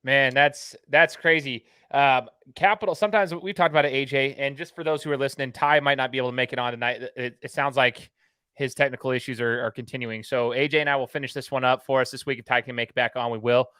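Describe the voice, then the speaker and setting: A man's voice: mid-range voice, fairly even intonation, fast talker, sharp tone, smooth, dry recording. A man co-hosting a podcast in casual sports chat, easygoing and building on his co-host's points. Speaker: podcast co-host.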